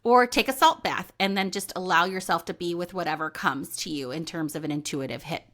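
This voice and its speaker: A woman's voice: on the low side, brisk, fairly bright tone. A woman hosting a solo podcast, chatting casually and animatedly about intuition and readings, often acting out what people say. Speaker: podcast host and intuitive medium.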